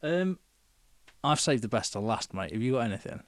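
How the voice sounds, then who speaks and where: A man in his thirties, co-hosting a podcast and reviewing a film in animated, sweary, laughing chat with lots of "mate". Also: mid-range voice, fairly quick, no room sound. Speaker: podcast co-host.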